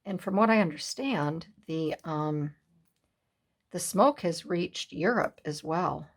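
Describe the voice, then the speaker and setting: A woman with a fairly low, slow voice hosts a collage craft video, chatting casually and telling stories as she works. She's chatty and laughs easily.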